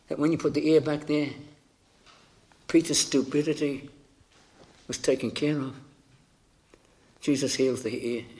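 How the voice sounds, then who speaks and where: Slow, emphatic male preacher. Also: a little high, a little mellow. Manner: dramatic, emphatic, retells scenes in quoted voices. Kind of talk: sermon.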